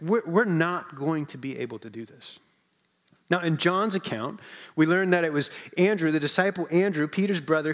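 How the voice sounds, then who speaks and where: A male pastor with a fairly high voice delivers a relaxed, good-humoured sermon. He talks to the congregation as if in conversation, joking and checking in with them. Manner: conversational and humorous, with asides to the congregation.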